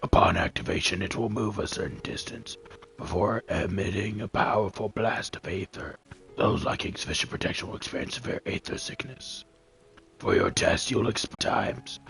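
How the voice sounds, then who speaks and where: A man voicing a gravelly formal alchemist. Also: lowish voice, normal speed, fairly bright tone, soft background music. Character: polite scholarly male alchemist, formal and earnest. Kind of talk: fan voice acting of a game scene.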